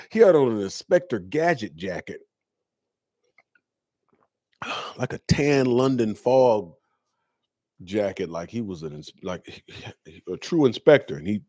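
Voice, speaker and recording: A man with a fairly low voice, hosting his own show and telling a personal story in a relaxed, slangy, earnest manner. The sound is dry and close. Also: no room sound. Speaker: host. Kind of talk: casual storytelling monologue.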